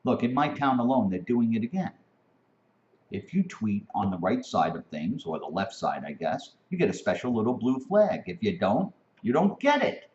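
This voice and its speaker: A man delivering an impassioned, profane spoken rant that keeps climbing to near-shouting. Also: fairly low pitch, very animated, normal speed. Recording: dull lo-fi recording.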